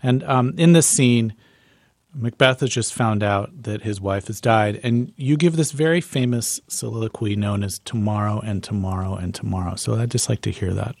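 A man's voice: on the low side, normal speed, vocal fry, dry recording. A man interviewing a guest, asking curious questions with hedges and fillers.

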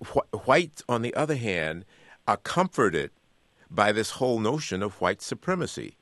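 A man's voice: fairly low pitch, sing-song, measured pace, fairly bright tone, dry recording. A man being interviewed on the radio as an author, talking earnestly and often repeating words as he builds a point. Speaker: author and guest.

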